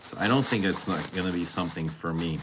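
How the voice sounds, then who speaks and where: A man's voice: low voice, quick pace, noisy background. A man chatting casually with his live-stream audience, teasing viewers and answering their questions. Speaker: fragrance streamer.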